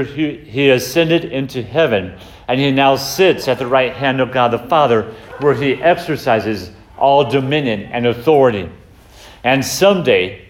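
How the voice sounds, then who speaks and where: A man preaching a sermon in an earnest, measured way, reciting scripture as he goes. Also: mid-range voice.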